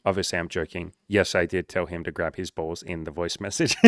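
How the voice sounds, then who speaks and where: A man's voice: low voice, brisk, no echo, studio quality. A young man coaching on dating, talking casually, bluntly and with lots of swearing. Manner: blunt, profane, energetic. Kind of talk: casual monologue reading client messages.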